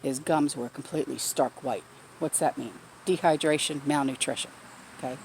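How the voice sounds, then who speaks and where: A woman's voice: extremely low pitch, steady tone, brisk, a little mellow, slight background noise. A woman vlogger telling a story in a casual, blunt way, swearing freely, recorded outdoors in her backyard garden.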